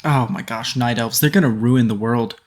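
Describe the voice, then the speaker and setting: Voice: medium pitch, normal speed. A podcast co-host in casual chat, sounding exasperated and often trailing off.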